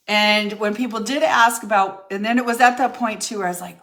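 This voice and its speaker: A woman's voice: medium pitch, fairly quick, hardly any pauses. Chatty, candid older woman. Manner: chatty, candid, animated, with many fillers and restarts. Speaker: vlogger telling her life story. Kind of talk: casual storytelling to camera.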